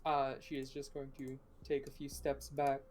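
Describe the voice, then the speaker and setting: A man's voice: mid-range voice, completely flat delivery, normal speed, darkish tone, a little hiss or hum. A man playing a tabletop role-playing game, speaking bluntly and swearing in character. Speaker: player.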